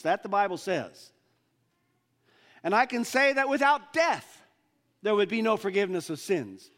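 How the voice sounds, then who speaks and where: A man with a notably high voice preaches a sermon in an earnest, searching way. He often stops and restarts his sentences as he works through a question before his congregation. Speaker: pastor.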